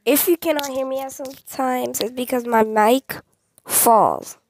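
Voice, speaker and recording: A woman's voice: sits high, unhurried, slight background noise. A young woman hosting a gaming channel, easily scared, who repeats her phrases and talks straight to her viewers. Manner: repeats short phrases over and over. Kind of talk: excited gameplay commentary.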